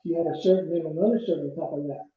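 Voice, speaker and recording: A man's voice: fairly high pitch, steady tone, very fast. A man in his seventies telling a story in an interview, rambling with restarts and chuckling now and then. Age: 70s. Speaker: interview guest, trail runner. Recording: very echoey room, dull lo-fi sound.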